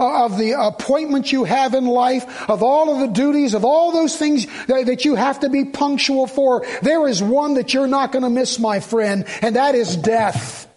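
High-voiced older male preacher. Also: a little mellow. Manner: fervent, repeats phrases for emphasis. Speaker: pastor. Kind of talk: funeral sermon with scripture reading.

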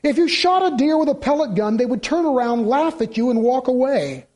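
A middle-aged male pastor preaches fairly quickly in a distinctly high voice. He brings his stories to life by voicing the people he quotes, and he repeats himself to drive points home.

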